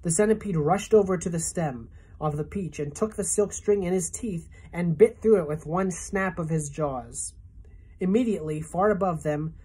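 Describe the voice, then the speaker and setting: Husky woman reading a storybook aloud. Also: fairly low pitch. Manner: expressive storytelling. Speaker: teacher. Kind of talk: reading a children's novel aloud.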